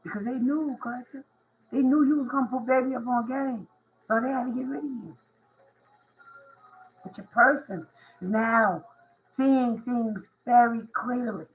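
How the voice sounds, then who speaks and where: A woman's voice: on the high side, measured pace, long pauses, rough recording. A woman giving a tarot reading to her viewers, emphatic and preachy, full of slang and repetition. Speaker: tarot reader.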